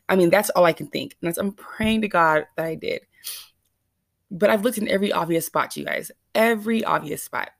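A woman's voice: on the low side, creaky, no echo, clean studio sound. A woman vlogger telling a rambling, anxious, self-questioning story straight to her viewers. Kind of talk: casual confessional storytelling.

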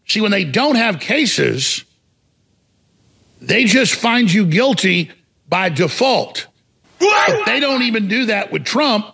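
A man hosting a talk show, ranting in a combative, mocking way and shouting for emphasis, with a raspy, gravelly voice. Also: high-pitched, sing-song, slow, pauses often. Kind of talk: heated talk radio rant.

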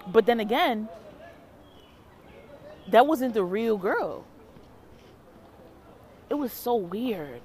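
Woman tarot reader, casual vlog, lively swooping pitch, cursing a lot. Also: extremely slow, long pauses. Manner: animated, profane, dramatic.

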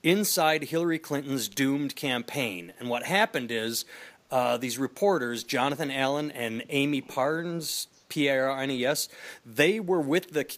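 A man in his thirties hosts a casual podcast. He tells stories with a wry, chatty edge and a medium-pitched voice. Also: a little slow, fairly bright tone. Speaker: podcast host.

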